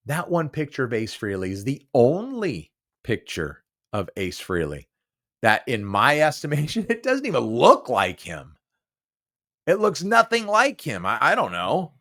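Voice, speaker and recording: A man's voice: on the low side, wildly swooping pitch, a little slow, bright, forceful tone. A man in his sixties hosting his own podcast alone, rambling casually with frequent chuckles and restarts. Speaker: podcast host. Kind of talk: casual solo podcast monologue.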